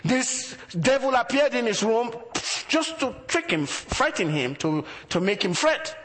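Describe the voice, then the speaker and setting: A man's voice: extremely high pitch, lively intonation, measured pace, fairly bright tone, big-room sound. A man preaching a sermon as a pastor, building emphasis through repeated phrases.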